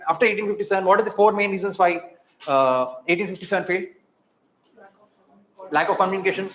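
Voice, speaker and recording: A man with an Indian English accent giving an exam revision lecture, asking the class quick questions and repeating key terms. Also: high voice, fairly bright tone. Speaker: teacher.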